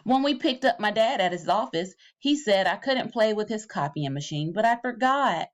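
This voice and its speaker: A woman reading a children's picture book aloud as a teacher, with animated storytelling that drops low on the repeated refrains. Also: normal speed.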